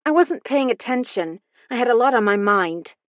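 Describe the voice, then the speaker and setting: A woman's voice: fairly high pitch, lively intonation, normal speed, no echo, voice pushed up, close to an everyday voice. A woman voicing a defiant young woman who answers questions sharply and evasively. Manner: sharp, defensive retorts.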